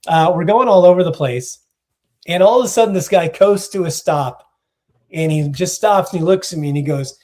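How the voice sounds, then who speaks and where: High-voiced man telling a wild story. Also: normal speed. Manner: animated storyteller, profane, laughs through his own tale. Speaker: guest stand-up comedian. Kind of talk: podcast storytelling. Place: live stream via video call.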